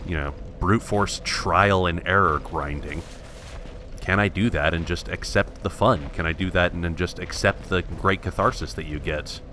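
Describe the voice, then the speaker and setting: Man, very low pitch, bright forceful tone, wry self-mocking game commentary, faint background noise. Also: moderate pace. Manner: wry, self-mocking, thinks aloud with frequent restarts. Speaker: gameplay commentator. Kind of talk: let's play commentary.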